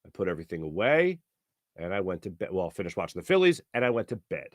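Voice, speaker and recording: A man's voice: low-pitched, big pitch swings, fast, no room sound, studio quality. A man hosting a sports talk show, chatty and jokey, often laughing. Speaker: sports radio host.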